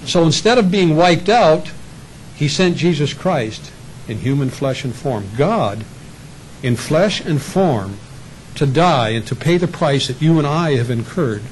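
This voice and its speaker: Speaking at a measured pace, the pastor's expressive, high-leaning voice comes through with a bit of hiss or hum on a rough recording. His sermon feels like conversation, punctuated by acted asides where he voices the people he talks about.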